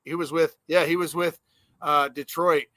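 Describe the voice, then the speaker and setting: Bright-voiced former ballplayer, animated. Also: male voice, a little high, moderate pace, dry recording. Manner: animated storytelling with swearing and laughs. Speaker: podcast co-host, former ballplayer. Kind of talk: casual sports chat.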